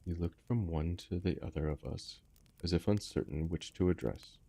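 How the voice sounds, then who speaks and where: A man narrating a classic story in a measured, even manner. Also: low voice, creaky, slightly rough. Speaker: audiobook reader. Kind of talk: reading a classic story aloud.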